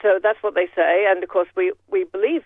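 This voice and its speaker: A man's voice: high-pitched, steady tone, a little fast, dry recording. A man giving casual political commentary with a rambling, sardonic manner, full of restarts. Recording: tinny phone line.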